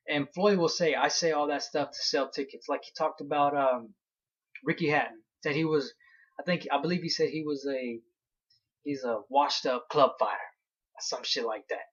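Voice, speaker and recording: A man's voice: fairly high pitch, breathy edge, highs cut off. A young man ranting heatedly through a fight recap, blunt and profane. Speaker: vlogger.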